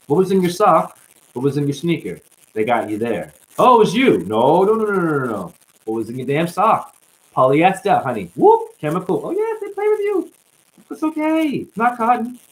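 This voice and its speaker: A man hosting a rambling livestream, preaching and joking by turns, with loud outbursts that drop to low mutters. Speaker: livestream host. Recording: crackling static on the line.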